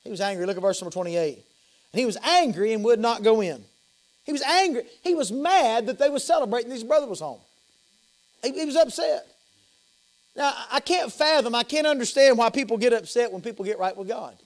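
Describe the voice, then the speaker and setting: A middle-aged Southern US pastor preaches emphatically, repeating phrases and swinging from loud to hushed. His voice is extremely high-pitched, expressive, and fairly quick.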